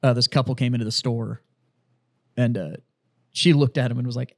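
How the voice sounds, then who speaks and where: A man co-hosting a podcast, telling stories in casual, profane, animated chat. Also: mid-range voice, quick pace. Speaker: podcast co-host.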